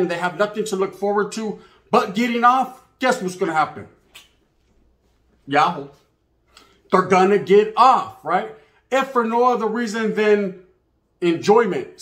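In an echoey room, a channel host with a high-pitched, fairly bright voice tells stories in a casual monologue. He leans hard on street slang and swearing and acts out other people's voices.

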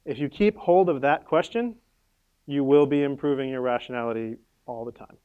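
A man's voice: medium pitch, moderate pace, clear, resonant tone, phone-quality sound. A man presenting at a conference workshop, casual and playful, with lots of "like" and "right?" and the odd sound effect.

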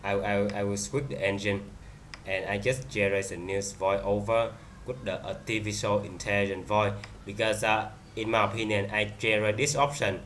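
Bright-voiced man demoing software haltingly. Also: on the low side, fairly even intonation, slight background noise. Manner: halting, many fillers and restarts. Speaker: software reviewer. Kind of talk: screen-recorded software demo.

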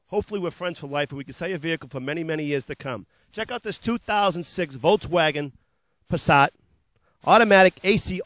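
A high-pitched man rattles off car deals in bouncy, repetitive salesman patter for a local TV ad, laughing off his own tongue slips. The sound is dry and close, with no room echo. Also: fairly bright tone.

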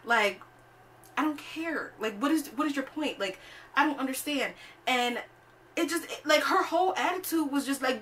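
A woman's voice: high voice, normal speed, fairly bright tone, distant mic. A young woman telling a storytime in a blunt, profane, sassy way, full of fillers. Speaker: vlogger. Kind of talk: casual storytime rant.

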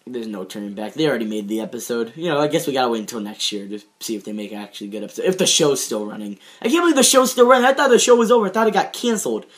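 A man's voice: medium pitch, lively intonation, racing, hardly any pauses. A young man in his teens giving a casual, rambling review of a TV episode, full of fillers and restarts and laughing at his own jokes. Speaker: show reviewer.

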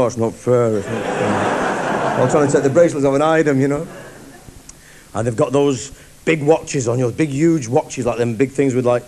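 A man's voice: a little high, a little mellow. A man doing live stand-up comedy on stage, telling a rambling, mocking story to an audience.

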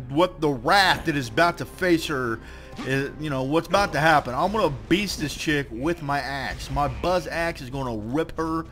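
A young man giving loose commentary on his own gameplay, swearing a lot, muttering to himself and yelling at enemies when they hit him. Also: fairly high pitch, moderate pace. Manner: swears often, trash-talks enemies; yells in frustration when hit. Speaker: let's play gamer. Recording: game music playing behind.

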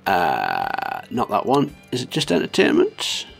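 A man gives casual, chatty commentary while playing, laughing and swearing freely. His pitch moves in a lively way with a gravelly edge. Quiet music plays behind him. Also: a little slow. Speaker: gameplay channel host.

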